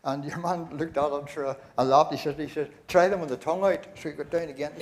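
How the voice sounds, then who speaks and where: A man's voice: fairly high pitch, fast, few pauses, a little mellow, slight background noise. An older man with a Northern Irish accent, compering a concert in a large church and telling jokes through a stage microphone, chuckling and rambling with many fillers and restarts. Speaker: master of ceremonies.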